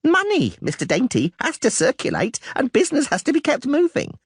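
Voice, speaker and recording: A high, squeaky shapeshifter posing as a halfling trader, stammering and babbling through his lists, as a man puts him on. His voice leaps wildly up and down and sounds husky in a dry, close reading. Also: huge pitch swings, brisk, dry recording, full character voice. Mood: nervous. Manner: stuttering, rattling off lists in a high voice. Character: shifty male doppler posing as a halfling merchant.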